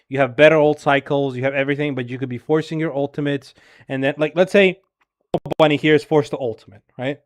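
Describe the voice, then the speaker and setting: Male game coach, slightly high voice, exasperated and blunt, swears constantly during the gameplay breakdown. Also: fairly even intonation. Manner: blunt, profane, exasperated critique; filler-heavy rapid talk with frequent "bro" and "right?". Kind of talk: casual gameplay review coaching.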